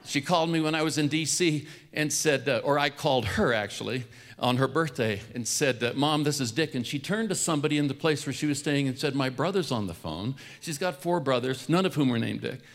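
An older man from California telling family stories, acting out the quoted voices with gentle humor. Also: mid-range voice, brisk. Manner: warm-humored storytelling, acts out quoted voices. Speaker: speaker. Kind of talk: storytelling talk.

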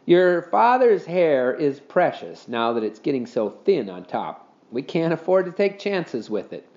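A man voicing a brisk, soothing mother, in a dull lo-fi recording. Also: fairly high pitch, very animated, a little mellow.

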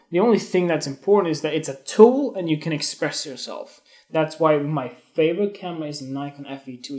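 Candid, cursing man musing on photography. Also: fairly high pitch. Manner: candid, swears freely, wanders and restarts, grows emotional. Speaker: photography podcast host. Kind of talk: casual spoken monologue on Instagram Live.

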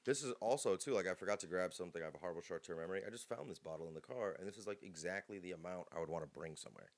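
Fast-talking deep-voiced man joking crudely. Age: 30s. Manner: crude, joking, animated storytelling. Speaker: podcast co-host. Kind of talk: casual chat.

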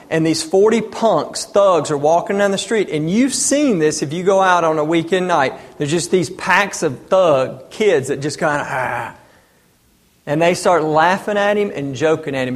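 A man in his thirties delivers a sermon with a fairly high voice. He builds his points through rhetorical questions and emphatic delivery. His voice rings out with the long reverb of a large hall. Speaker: pastor.

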